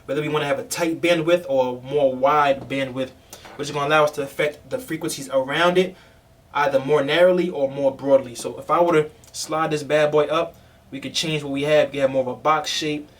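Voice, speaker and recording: A man's voice: on the high side, fairly even intonation, brisk, distant mic. A man, a music producer, casually walking through a tutorial on his screen, loose and chatty with fillers. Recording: voice a bit off-mic over music.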